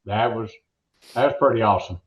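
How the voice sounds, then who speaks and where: A man's voice: on the low side, a little fast. An older man, a veteran announcer, telling stories and jokes in a rambling, folksy way during an interview. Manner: folksy joke-teller, rambling restarts. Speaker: veteran monster truck announcer, guest. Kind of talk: casual interview storytelling. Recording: echoey, muffled remote line.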